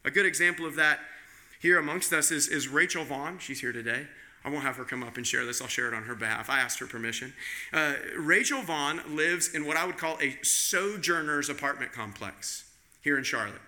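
A man's voice: fairly high pitch, fairly quick, sharp tone. A man preaching a sermon, earnest, with rhetorical questions and frequent restarts. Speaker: pastor.

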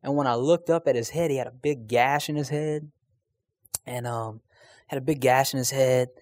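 A man's voice: medium pitch, fairly even intonation, moderate pace, a little mellow, dry recording. A man telling a personal faith testimony in an earnest, conversational way, speaking straight to his listeners.

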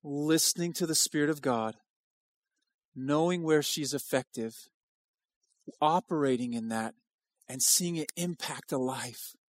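A man's voice: a little high, unhurried, pauses often, dry recording. A male pastor preaching an impassioned sermon at a church service, driving home repeated rhetorical questions.

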